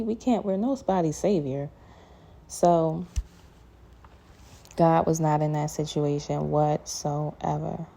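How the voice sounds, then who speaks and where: A woman's voice: lowish voice, vocal fry, dark tone. A woman giving an earnest personal faith testimony to her viewers, emphatic and repeating her phrases. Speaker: christian content creator.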